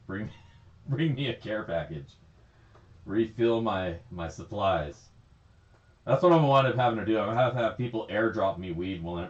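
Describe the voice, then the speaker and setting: A man chatting casually on a livestream, rambling, laughing often and swearing freely. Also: lowish voice. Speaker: livestream host. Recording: echoey, slightly dull stream audio.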